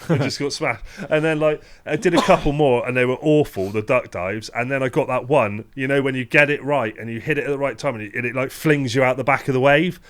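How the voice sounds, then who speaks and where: Male podcast host, middle pitch, casual and rambling, swears freely. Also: quick pace, few pauses. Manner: rambling, restarts a lot, swears. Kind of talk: casual chat.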